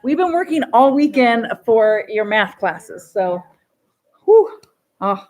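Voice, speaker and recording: Woman, teacher, playful, teasing, slightly high voice. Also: lively intonation, measured pace. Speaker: math teacher. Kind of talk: casual classroom chat.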